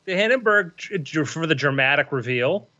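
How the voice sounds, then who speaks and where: Lively animated man running a game. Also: on the high side, moderate pace, dull audio. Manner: playful, animated scene-setting. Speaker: game master. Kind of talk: narrating a tabletop game.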